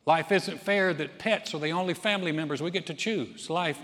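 A man preaching with a folksy, joking storyteller's touch and a fairly high voice. His words hang in the long reverb of a church hall. He speaks as a pastor to his congregation. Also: fairly quick, noisy background. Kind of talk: sermon. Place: church sanctuary.

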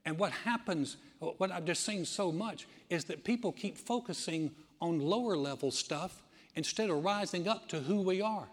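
A man preaching a lively sermon in a church, his fairly high voice ringing out with a long hall reverb. He talks straight to the congregation, acts out the people he quotes and throws in asides. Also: moderate pace. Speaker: pastor. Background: congregation responding.

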